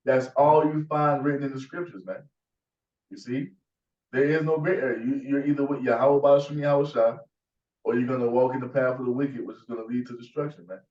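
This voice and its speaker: A man's voice: medium pitch, steady tone, brisk, a little mellow. A man preaching with strong emphasis, tagging his points with "man" and "you see.". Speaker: teacher. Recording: echoey, distant, dull sound.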